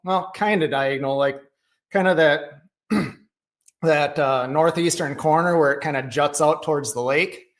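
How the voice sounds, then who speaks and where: A man's voice: on the high side, unhurried. A middle-aged man with a Minnesotan accent, a podcast guest telling folksy farm stories and laughing often. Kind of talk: casual storytelling chat.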